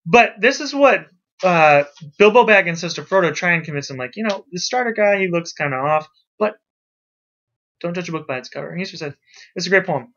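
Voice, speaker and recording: A man teaching a class, talking to students in a lively, emphatic way. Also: sits high, a little fast. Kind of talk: classroom lecture. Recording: dull lo-fi recording.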